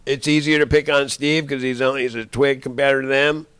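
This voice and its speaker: Man, furious rambling profane rant, dry recording, medium pitch. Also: flat delivery, fairly quick, a bit bright, clear, resonant tone, dry recording. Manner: angry, profane, rambling and threatening. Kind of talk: rambling monologue addressed to others.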